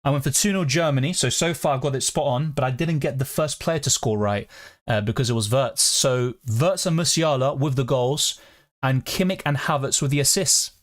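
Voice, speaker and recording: A man's voice: medium pitch, normal speed. A man talks casually on a home live stream. He chats loosely and swears freely while reading out viewer comments. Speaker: fantasy football streamer.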